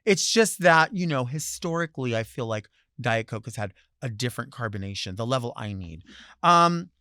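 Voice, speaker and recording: A man hosting a talk show, delivering a sassy, theatrical solo monologue with loud bursts and low asides. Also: expressive, moderate pace, clear, resonant tone, dry recording, clean studio sound. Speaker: host.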